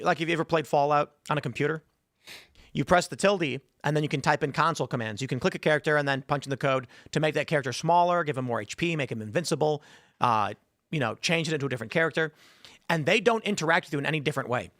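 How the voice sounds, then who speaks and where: A man with a fairly high voice hosts a casual podcast debate, pressing his point and cutting in on his co-host. The sound is dry and close, with no room around it. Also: a bit bright, dry recording. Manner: argumentative, interrupts. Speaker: show host.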